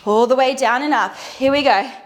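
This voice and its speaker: A woman's voice: sits high, moderate pace, a little hiss or hum. A woman leading a guided dumbbell workout, out of breath as she exercises, cueing moves with upbeat encouragement. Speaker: fitness instructor. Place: indoor workout studio.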